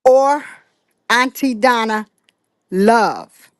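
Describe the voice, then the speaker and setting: A woman's voice: fairly high pitch, no echo. Friendly woman popping in on a stream, in a rush, dry close mic. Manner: brisk, friendly, in a hurry to leave. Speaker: viewer joining the stream. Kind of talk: casual call-in chat.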